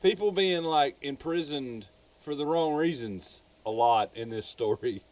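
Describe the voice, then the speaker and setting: A man's voice: on the high side, lively intonation, measured pace, a little hiss or hum. A Southern man co-hosting a podcast, telling a true crime story in a loose, rambling way. He stumbles over repeated words and swears freely.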